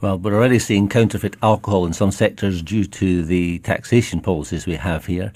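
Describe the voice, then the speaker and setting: Industry spokesman, very deep voice, dry close sound, steady and factual. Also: brisk, no echo. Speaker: industry association guest. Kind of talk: radio debate.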